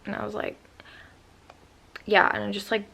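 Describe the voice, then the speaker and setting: A woman's voice: mid-range voice, completely flat delivery, moderate pace, creaky, sharp tone. A young woman in her twenties telling a storytime vlog in a rambling, casual way, upset after crying. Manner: rambling with many "like" fillers. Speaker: vlogger.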